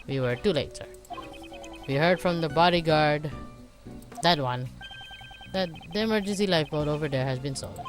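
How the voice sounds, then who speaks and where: Fan-dub game cop: a woman doing a deferential male detective, fairly low voice, with a put-on accent and a "sir" on every line. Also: moderate pace, long pauses, faint music behind, natural voice. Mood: apologetic. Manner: respectful, ends lines with "sir".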